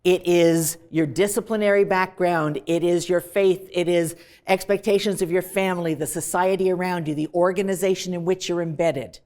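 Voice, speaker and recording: A woman's voice: on the low side, fairly even intonation, moderate pace, hardly any pauses, a little mellow. A woman professor giving a direct, emphatic recorded lecture to students. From Canada. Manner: direct, emphatic, dismissive of clichés.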